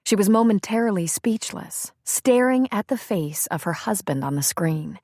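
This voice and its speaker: A woman narrating an audiobook in a measured, steady storytelling manner. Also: medium pitch, dry recording, clean studio sound. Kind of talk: scripted narration.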